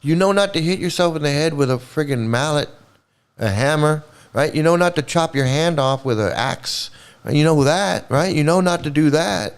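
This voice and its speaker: Angry ranting man, lively pitch. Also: normal speed, smooth. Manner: angry, sarcastic, heavy swearing. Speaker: host. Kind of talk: profane ranting livestream commentary.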